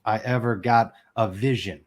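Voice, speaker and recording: A man's voice: fairly low pitch, fairly even intonation, moderate pace. A man in his forties, a podcast guest telling a personal story in a candid, emotional way and swearing casually. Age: 40s.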